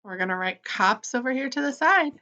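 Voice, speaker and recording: A woman teaching an early-grade writing lesson, spelling words sound by sound and gently asking and answering her own questions. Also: high voice, expressive, highs cut off. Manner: slow, sound-by-sound spelling for young children; gently encouraging, asks questions and answers them.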